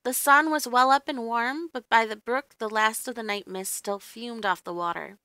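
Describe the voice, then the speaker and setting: A woman reading a classic children's story aloud, in a gently expressive storytelling manner. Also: on the high side, normal speed, clear, resonant tone, no room sound. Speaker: reader. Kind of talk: audiobook narration.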